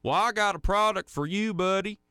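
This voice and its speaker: A man's voice: sits high, moderate pace, bright, forceful tone, clean tone, no room sound, studio quality, pitched above the performer's own voice. A man doing a hokey Southern salesman twang. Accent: put-on Southern US. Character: man in an exaggerated folksy Southern ad-pitch voice.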